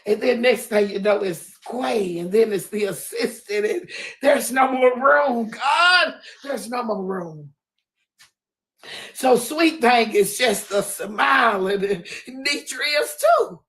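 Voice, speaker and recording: A woman telling a comic story in a persona, animated and dramatic, repeatedly exclaiming and swinging between loud outbursts and hushed asides. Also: a little high, slow. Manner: animated, exclaims "oh, girl" over and over.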